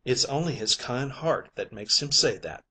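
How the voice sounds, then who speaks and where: A man's voice: medium pitch, expressive, normal speed, pushed and bright, breathy edge. A man reading an audiobook, voicing an old sickly sailor who talks in a weak, mournful way. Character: old sickly sailor, male, older, feeble. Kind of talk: audiobook character voice.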